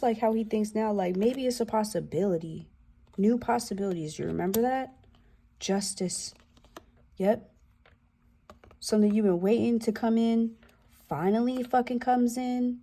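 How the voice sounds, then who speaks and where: A woman with a warm, somewhat high voice gives a casual tarot reading, loose and profane, tossing in slangy asides and occasionally dropping into a whisper.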